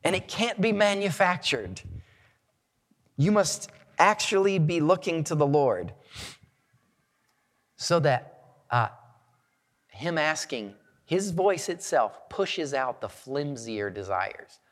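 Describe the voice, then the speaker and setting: Unhurried, lively-voiced male preacher in a hall. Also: fairly high pitch. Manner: earnest, measured preaching with emphatic rises. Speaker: pastor. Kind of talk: sermon.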